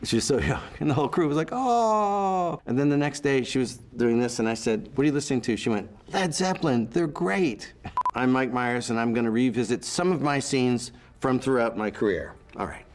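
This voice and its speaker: A man recalling his film career in an interview, telling animated stories with quoted voices. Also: medium pitch, a little fast, few pauses. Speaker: actor being interviewed. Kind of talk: anecdotal interview storytelling.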